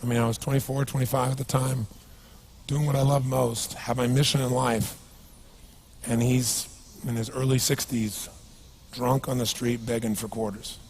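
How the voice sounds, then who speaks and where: A man from the United States giving an energetic seminar talk as a motivational speaker and putting questions to his audience. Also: mid-range voice, normal speed, slight background noise.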